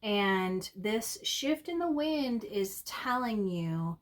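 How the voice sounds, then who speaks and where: A woman giving an intuitive tarot reading, talking in a halting way with many ums and restarts. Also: mid-range voice, lively intonation. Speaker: tarot reader.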